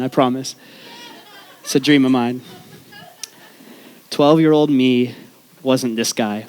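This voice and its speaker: A man's voice: mid-range voice, fairly even intonation, slow, pauses often, a little mellow, clear, resonant tone. A young man from Canada, telling a comic personal story on stage before a live audience, joking at his own expense and swearing freely. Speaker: speaker at a storytelling event. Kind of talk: comedic personal storytelling talk.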